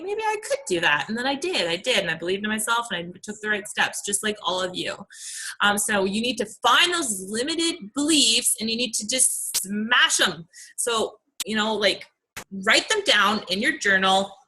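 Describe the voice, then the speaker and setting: Young woman coach, bright voice, earnest and chatty on a team call. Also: mid-range voice, lively intonation, normal speed, rough recording. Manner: earnest, chatty, many fillers. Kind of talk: motivational team call talk.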